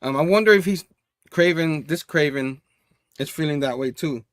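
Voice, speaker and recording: A man's voice: on the high side, normal speed, no room sound, studio quality. A man casually reviewing a comic book, reading the panel dialogue aloud in a loose, chatty way with frequent laughs.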